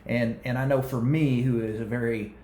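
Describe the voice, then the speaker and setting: A man co-hosting a marriage advice show, talking fast and energetically with frequent restarts. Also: medium pitch, steady tone, mellow, echoey room, slight background noise. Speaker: co-host of a marriage talk show. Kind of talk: casual advice talk.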